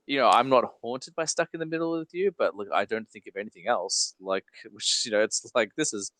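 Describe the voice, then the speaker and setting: A man hosting a podcast, talking casually and rambling with lots of fillers and quick laughs. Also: medium pitch, fairly bright tone, no room sound. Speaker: podcast host. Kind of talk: casual chat.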